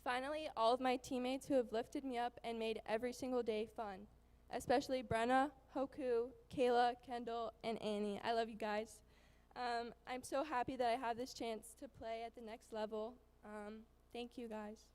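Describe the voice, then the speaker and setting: A woman's voice: on the high side, steady tone, moderate pace, a little mellow, clean tone, big-room sound. A teenage girl, a student athlete, giving a grateful thank-you speech with small laughs. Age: teens.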